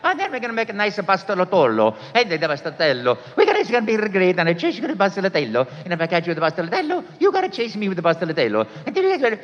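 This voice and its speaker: Cheerful young Italian plumber man, squeaky-high and playful, dull sound. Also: huge pitch swings, very fast, few pauses. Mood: joyful. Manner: playful, rambling, food-obsessed. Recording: echoey hall, dull sound.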